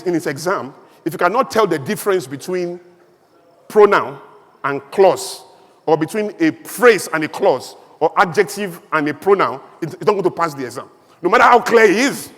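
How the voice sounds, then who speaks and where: A man with a Nigerian accent addresses a conference crowd in a high, ringing voice. He speaks with emphatic, animated oratory and builds through rhetorical questions. His words trail off into the long reverb of a large hall. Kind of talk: public speech.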